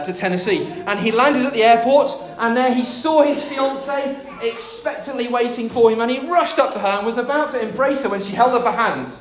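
High-voiced preacher in an echoey room. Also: male voice. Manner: storytelling with light humor. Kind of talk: sermon.

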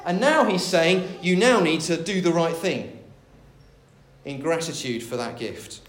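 High-voiced preacher in an echoey room. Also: male voice, animated, unhurried, slight background noise. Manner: storytelling with light humor. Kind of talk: sermon.

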